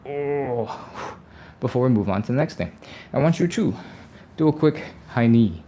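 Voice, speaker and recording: A man's voice: medium pitch, animated, moderate pace, dark tone, a little hiss or hum. A man leading a live stretching workout, chatty and upbeat, sighing and laughing between cues. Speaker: stretching coach.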